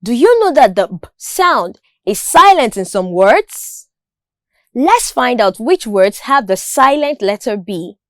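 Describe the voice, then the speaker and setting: A woman's voice: fairly high pitch, big pitch swings, slow pace, dry recording. A woman teaching a school lesson, carefully enunciating words for pronunciation drills.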